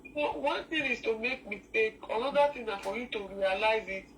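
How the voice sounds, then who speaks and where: A woman with a Nigerian accent calling in to a talk show, talking in an emotional, halting way with many restarts. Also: on the high side, fairly bright tone, recorded from a distance, slight background noise, rough recording. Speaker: caller. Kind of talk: call-in discussion, mixing English and Pidgin.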